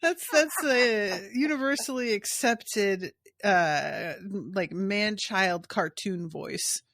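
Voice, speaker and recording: A woman's voice: medium pitch, slow, fairly bright tone, dry recording. A woman co-hosting a podcast, recapping book chapters casually with dry humor and acted quotes. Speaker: podcast co-host.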